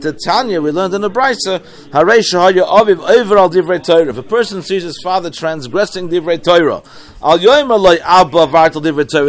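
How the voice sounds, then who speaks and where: Man teaching Talmud, rather high voice. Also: fairly quick. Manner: translating Aramaic phrase by phrase, explanatory. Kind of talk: Talmud study class.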